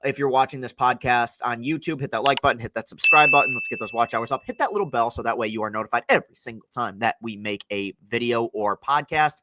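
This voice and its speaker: A man's voice: medium pitch, fast, hardly any pauses. A young man hosting a casual sports interview podcast, rambling through long questions with frequent restarts. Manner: rambling, self-correcting, long wind-up questions. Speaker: podcast host.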